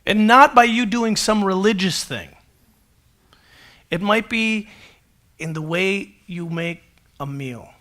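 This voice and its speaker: A male pastor delivers a sermon in a high, bright voice. He talks to the congregation in a loose, conversational way and is quick to joke at his own expense. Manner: conversational and animated, with self-deprecating humor.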